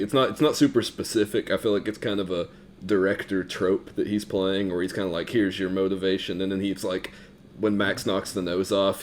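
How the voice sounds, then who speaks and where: A man's voice: low voice, darkish tone, slight background noise. A man co-hosting a casual podcast chat in an easygoing way, chuckling as he talks. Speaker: podcast co-host.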